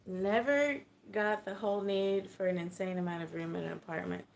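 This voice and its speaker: A woman's voice: mid-range voice, steady tone, moderate pace, vocal fry, a little hiss or hum. A woman with a Texan accent chatting casually on a livestream from her small home, laid-back and chatty, laughing often and greeting viewers.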